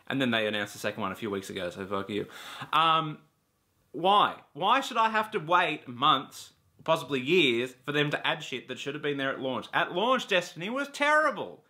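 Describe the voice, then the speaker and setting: Man, bright and forceful tone, fairly high voice, blunt swearing rant to camera. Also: very animated, moderate pace. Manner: blunt, swearing, exasperated ranting. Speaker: YouTube games vlogger. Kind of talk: casual ranting monologue to camera.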